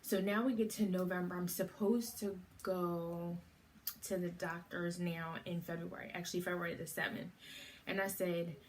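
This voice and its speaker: A middle-aged woman retelling a story to camera in a chatty, animated way, with many fillers. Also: lowish voice, normal speed, slight background noise. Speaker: vlogger.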